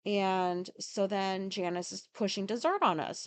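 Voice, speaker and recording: A woman's voice: mid-range voice, a little slow, slight background noise. A woman hosting a podcast, talking through her day in a rambling, casual monologue full of fillers and swearing. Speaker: podcast host.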